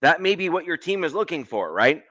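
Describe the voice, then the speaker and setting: A man with a mild Canadian accent, co-hosting a casual sports podcast, measured and hedging with frequent ums. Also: a little high, big pitch swings, bright, forceful tone, dry recording, muffled recording. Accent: Canadian, close to American. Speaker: podcast co-host.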